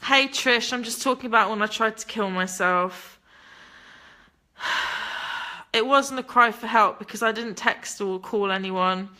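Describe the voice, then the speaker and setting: Blunt bright-voiced woman. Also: fairly high pitch, unhurried, pauses often. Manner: blunt, candid, swears freely. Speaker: livestreamer reading chat. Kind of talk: casual confessional storytelling.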